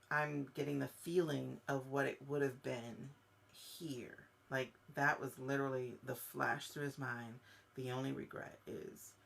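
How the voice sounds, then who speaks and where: A woman hosting a live-streamed spirit reading as a psychic medium. She speaks directly to a viewer and searches for her words, with many fillers and pauses. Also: sits low, gravelly, fairly bright tone. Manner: halting, searching speech full of fillers.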